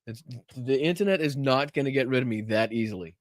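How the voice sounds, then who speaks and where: A man's voice: medium pitch, expressive, a little fast, no room sound, studio quality. A man from Massachusetts, hosting a casual livestream podcast and rambling in a profane, joking way. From Massachusetts, USA. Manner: profane, rambling, joking about his tech troubles. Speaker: political podcast host.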